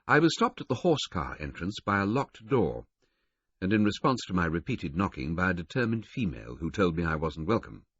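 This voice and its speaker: Low, husky male audiobook narrator. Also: sing-song, brisk, fairly bright tone, dry recording, muffled recording. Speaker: audiobook reader. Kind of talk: first-person novel narration.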